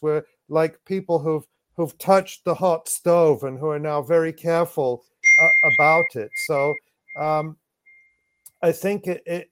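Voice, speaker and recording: Man host, reflective and measured, slightly high voice, dry close sound. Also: no echo. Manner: measured, reflective, with frequent restarts. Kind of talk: roundtable discussion.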